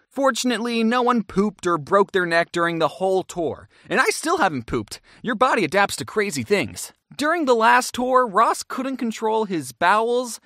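Man, comedic storytelling narration, deadpan jokes, animated voice, dry recording. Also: high voice, moderate pace, few pauses, no room sound. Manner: jokey with deadpan asides.

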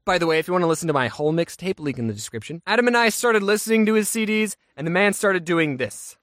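A man's voice: high-pitched, animated, fast talker, hardly any pauses, a bit bright, no echo, studio quality. A young adult man, a YouTuber, telling a comic storytime in a wry, self-mocking way. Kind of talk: animated storytime.

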